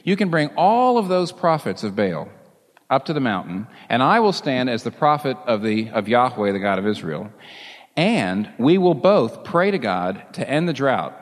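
A man's voice: mid-range voice, big pitch swings, moderate pace, long reverb tail, natural voice. A man voicing a bold prophet, speaking his challenge in a brash, boastful way. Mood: challenging.

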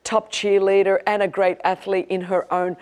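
An Australian woman in her fifties preaches a passionate, emphatic sermon, shifting between rousing declarations and quieter storytelling. Her voice is medium-pitched, her delivery flat, her pace moderate.

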